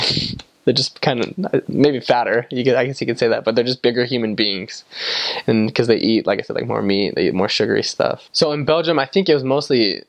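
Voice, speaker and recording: A man's voice: mid-range voice, no echo. A young man from the United States telling stories in a casual, chatty way, full of "like" fillers. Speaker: vlogger recalling time abroad. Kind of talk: casual storytelling to camera.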